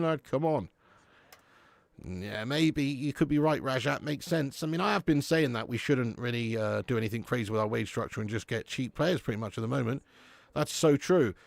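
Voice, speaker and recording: A man's voice: medium pitch, lively intonation, moderate pace, gravelly, fairly bright tone, no room sound. A man from Dorset with a southern English accent, hosting a live stream and bantering casually with the chat, slangy, swearing and laughing. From Dorset, England. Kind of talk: casual watch-along chat reading live chat.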